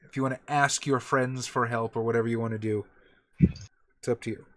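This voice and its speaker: A man running a tabletop game as game master, talking in a relaxed, loose and sometimes profane way. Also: medium pitch, brisk, no echo. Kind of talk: casual chat running a tabletop session.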